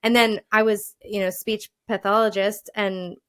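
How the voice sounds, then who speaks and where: A woman's voice: medium pitch, measured pace. Woman podcast host, faint long island accent, laughs a lot, acts out what ppl said. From Long Island, New York. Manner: animated storyteller, laughs easily, acts out quotes. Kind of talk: casual chat.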